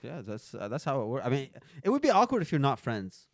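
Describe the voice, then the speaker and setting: A man's voice: medium pitch, huge pitch swings, fast talker, dry recording, clean studio sound. A man co-hosting a podcast, teasing and giggling in casual chat. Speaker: podcast co-host.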